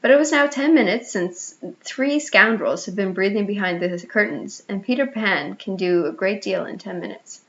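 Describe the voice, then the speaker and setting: A woman narrating a children's storybook in an expressive reading voice, with small restarts. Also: medium pitch, moderate pace, hardly any pauses. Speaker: audiobook reader. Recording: slightly muffled lo-fi audio.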